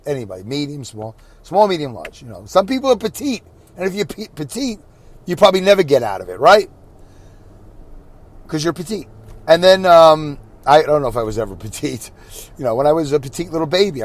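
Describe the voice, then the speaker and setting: A man from Brooklyn hosting a podcast, rambling in a self-deprecating way and talking to himself as he drives his minivan. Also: a little high. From Brooklyn, New York. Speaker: podcast host. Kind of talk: rambling solo monologue while driving. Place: inside a minivan on the highway.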